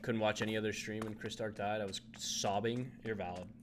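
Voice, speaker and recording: A man's voice: lowish voice, fairly even intonation, fairly quick, noisy background. A young man, chatting casually with his viewers while playing a game on a live stream, laughing often and answering chat.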